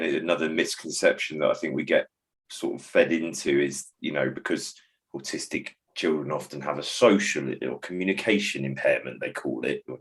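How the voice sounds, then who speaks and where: A man's voice: rumbling low, fairly bright tone. A man who works as a behaviour support trainer, talking in a reflective, digressive way on a podcast and acting out phrases as he goes. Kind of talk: podcast conversation.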